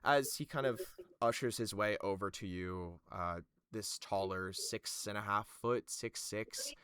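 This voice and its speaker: Slow, deep-voiced male game master. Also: fairly bright tone, clear, resonant tone, no echo. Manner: descriptive, hedging with fillers. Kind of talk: narrating a tabletop game.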